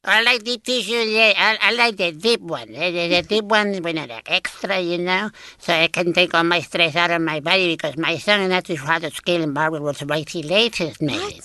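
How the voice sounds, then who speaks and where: Brief: man doing a stressed, stammering caller with broken English, bright edge, dry. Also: high voice, normal speed, dry recording. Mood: frantic pleading. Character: stressed middle-aged male caller, bumbling. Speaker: prank caller.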